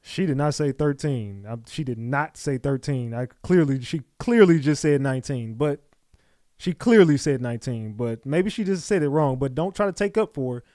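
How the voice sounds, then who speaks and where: A man's voice: medium pitch, expressive, moderate pace, warm tone, dry recording, clean studio sound. A man hosting a reaction stream who speaks bluntly and profanely and keeps insisting on his point to his chat. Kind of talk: casual reaction commentary.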